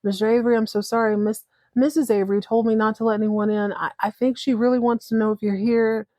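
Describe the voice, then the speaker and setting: A woman's voice: a little high, little pitch movement, quick pace, warm tone, no echo, pitched above the performer's own voice, close to an everyday voice. A woman doing a flustered babysitter. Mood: panicked. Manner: apologetic, stammering. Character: flustered young female babysitter.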